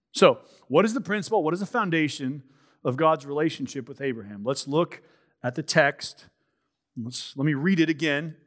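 A man preaching a sermon, reading scripture aloud and teaching in a measured, emphatic way with pauses. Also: fairly high pitch.

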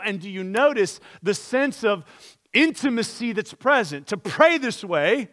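A man's voice: sits high, bright, forceful tone. A man pastor preaching a sermon, earnest and direct, asking the congregation rhetorical questions and reading scripture aloud.

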